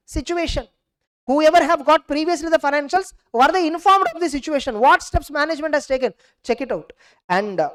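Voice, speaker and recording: With a high voice, a young teacher gives a lively lecture to revise for exams. For each case she performs both sides, then checks understanding by asking her students "clear?"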